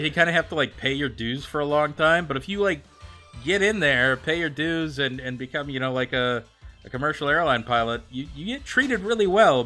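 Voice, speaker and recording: A man hosts a casual livestream chat, rambling through plenty of fillers and responding to viewers by name. His voice is medium-pitched, pushed and bright.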